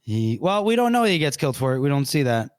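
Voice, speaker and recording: A man's voice: mid-range voice, very animated, fast talker, no echo, studio quality. A man hosting a book podcast, rambling with fillers as he steers the segments. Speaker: podcast host. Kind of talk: casual book discussion.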